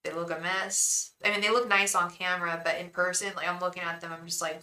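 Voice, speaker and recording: Woman tarot reader rambling on a livestream, bright sharp voice, chatting with viewers. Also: on the low side, steady tone, fast, hardly any pauses, low-quality recording. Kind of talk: casual livestream chat.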